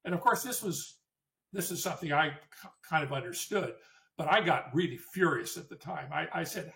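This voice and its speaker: An older man recounts his war years to an audience, his voice sitting a touch high for a man. He circles back and repeats words for emphasis as he tells each story. The mic is set some way off from him. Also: a little fast, creaky, bright, forceful tone, distant mic. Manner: storytelling, with restarts and emphatic repetition. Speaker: Vietnam War veteran speaker.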